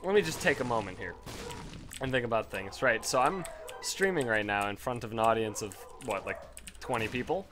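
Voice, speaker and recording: A man rambling through casual gameplay commentary, telling a story with lots of swearing and sudden excited jumps in pitch. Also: fairly quick, noisy background.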